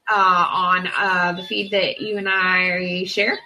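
A woman's voice: on the low side, flat delivery, slow pace, sharp tone, slight background noise, rough recording. A woman co-hosting a podcast, chatting casually with many fillers as she thinks aloud. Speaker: podcast co-host. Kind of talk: casual chat during a movie watch-along.

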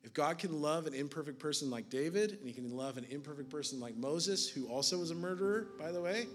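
A man's voice: a little high, fast talker, slightly rough. Casual, impassioned man preaching. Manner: conversational, fillers of "like", rising to intense then hushed. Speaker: pastor. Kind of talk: sermon.

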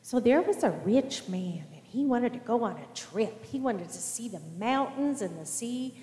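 A woman giving a children's sermon, telling a parable in simple, animated words and speaking to the kids directly. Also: on the high side, normal speed. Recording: echoey church sanctuary.

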